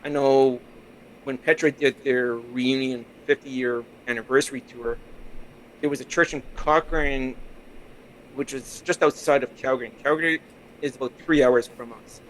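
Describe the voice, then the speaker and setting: This is a man from Canada, a podcast guest on a remote mic, with a mid-range, fairly bright voice, fairly even intonation and a moderate pace. He rambles easily and casually through his stories in relaxed interview chat, though the low-quality recording has slight background noise.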